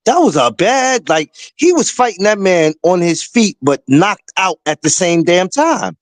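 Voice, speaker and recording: A man co-hosting a podcast in casual boxing chat, unhurried and often breaking into laughter. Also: high voice, very animated, dry recording. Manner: unhurried, laughs a lot, trails off mid-thought. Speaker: podcast co-host.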